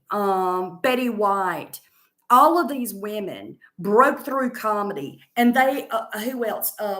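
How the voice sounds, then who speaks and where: Chatty Southern woman, slow and roomy. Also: mid-range voice, fairly bright tone. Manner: chatty, rambling, confident. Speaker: stand-up comedian. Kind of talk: casual chat answering viewer comments.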